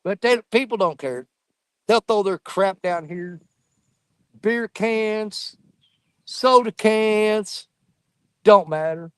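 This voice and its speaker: High-voiced blunt fishing host by a river. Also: male voice, smooth, no echo. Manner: folksy and blunt, quick to get irate. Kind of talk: casual outdoor storytelling. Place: riverbank outdoors.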